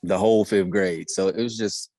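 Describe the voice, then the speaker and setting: A man co-hosting a podcast, telling exasperated school stories in an animated, casual way. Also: low voice, moderate pace, dry recording. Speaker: podcast co-host. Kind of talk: casual comedic chat.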